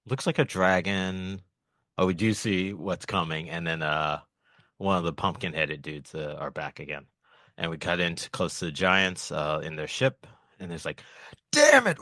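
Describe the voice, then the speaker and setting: A lower-pitched man with a bright, forceful tone recaps a comic with lively, joking energy. The recording is dry and close. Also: no room sound. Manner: animated, joking. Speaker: podcast guest. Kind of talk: casual chat, comic recap.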